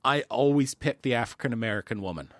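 A man from Canada co-hosting a podcast in casual banter, with wry, deadpan retorts. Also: mid-range voice, fast talker, dry recording. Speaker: podcast co-host.

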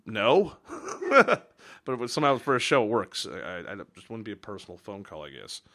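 Young male podcast co-host; quick, bright, animated storyteller. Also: fairly low pitch. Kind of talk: casual chat.

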